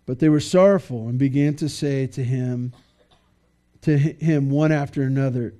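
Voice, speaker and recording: A man preaching a sermon in a church, in a conversational, halting way with many fillers and restarts. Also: mid-range voice, mellow. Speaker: pastor.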